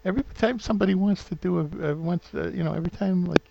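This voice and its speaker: New england guy in his 50s rambling into his camera at home, super gravelly, sentimental, muffled lo-fi sound. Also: sits high, fast, background noise. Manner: rambling, full of fillers and restarts; sentimental, gets openly emotional. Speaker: vlogger. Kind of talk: rambling casual vlog.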